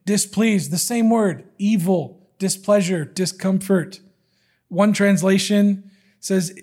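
A man's voice: high voice, a little mellow. A man preaching a sermon in an earnest, emphatic way, repeating key words for weight.

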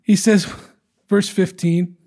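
A man preaches a sermon, walking through a scripture passage and animatedly acting out the characters' lines in changing voices. His own voice is high-pitched, slow and creaky.

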